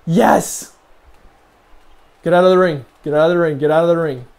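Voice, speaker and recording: A young man giving gameplay commentary, swearing often and shouting at the game. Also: fairly high pitch, normal speed, creaky. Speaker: let's play commentator.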